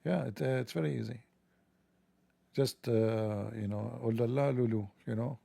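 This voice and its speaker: A man with a gravelly, mellow voice talks through a satirical monologue in a mocking, sarcastic tone. The sound is dry and close, with no room around it. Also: mid-range voice, normal speed, dry recording.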